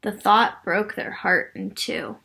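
A woman reading a picture book aloud to children, gently stopping to ask them questions. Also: medium pitch, fairly even intonation, takes it slowly, gravelly, slightly rough. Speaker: children's story reader. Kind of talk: read-aloud storytime for children.

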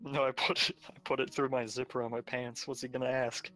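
A man co-hosts a game playthrough and adds deadpan wisecracks. His voice is bright and mid-pitched. Faint music plays under the banter. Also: fairly quick, poor audio. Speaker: let's-play co-host. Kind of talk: joking game commentary.

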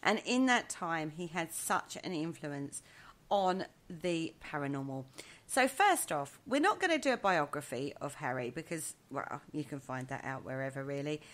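Woman, co-host, casual chat, lively rising and falling pitch, laughs often. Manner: animated, laughs often, leads the topic. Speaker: podcast co-host.

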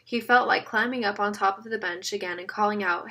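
A woman narrating a novel in a steady storytelling manner. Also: medium pitch, normal speed, gravelly, husky. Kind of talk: audiobook reading.

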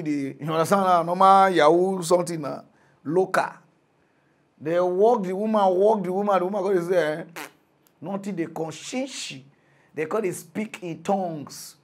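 A young man with a high, bright-edged voice delivers a comic rant in Nigerian Pidgin. He swings from muttering to shouting and keeps laughing at his own points, like a mock news commentator on a roll. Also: moderate pace. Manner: excitable, laughing, big swings in loudness.

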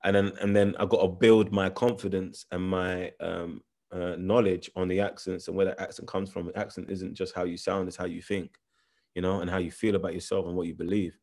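A man's voice: low voice, level tone, brisk, creaky, darkish tone. A man with a London accent answering interview questions in a thoughtful, searching way, often restarting his sentences. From England. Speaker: actor, interview guest.

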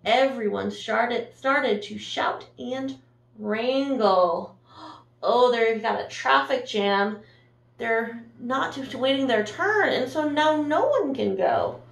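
Sing-song teacher reading a picture book. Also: female voice, on the high side, lively intonation, slow, vocal fry, echoey room, far from the mic. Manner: warm, sing-song, gasps and asks the listeners questions. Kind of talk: children's storytime read-aloud.

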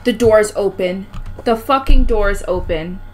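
A woman's voice: mid-range voice, a little slow, darkish tone, a little hiss or hum. A young woman playing a horror game on her channel, jumpy, exclaiming and swearing a lot, with nervous giggles. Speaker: gaming video host. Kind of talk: horror game let's play commentary.

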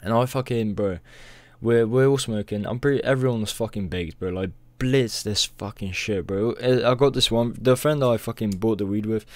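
A man's voice: on the low side, normal speed, no echo. A young man telling a rambling, profane storytime as a vlogger, peppering his talk with "bro". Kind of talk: casual storytime.

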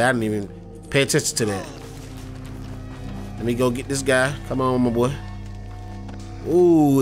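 A man with a slightly bright, medium-pitched voice casually narrates his gameplay as a gaming YouTuber. He rambles, keeps restarting, fills gaps with filler words, and speaks directly to his viewers.

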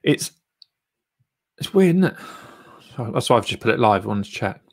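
A man's voice: fairly low pitch, sing-song, moderate pace. A man hosting a live stream, reviewing a viewer's channel in a rambling, encouraging way full of fillers. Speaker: YouTube channel coach and host.

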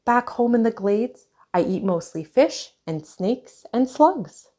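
A woman voicing a bold, bossy female alligator in a read-aloud picture book, loud and emphatic. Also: fairly high pitch, expressive, slow pace, voice pushed up. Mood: delighted.

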